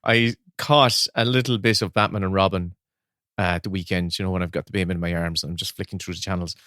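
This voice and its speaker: A man's voice: low-pitched, fast, no room sound, clean studio sound. A man co-hosting a podcast, telling stories with lots of laughing during casual chat about films. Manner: laughs often, animated storytelling. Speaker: podcast co-host.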